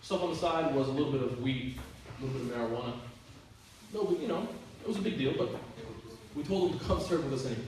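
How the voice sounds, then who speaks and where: A youth minister tells stories to a youth group in a casual, chatty way, using lots of filler words. He talks fast, with a medium-pitched voice and a darkish tone. The room is echoey, the mic far off, and there is faint hiss.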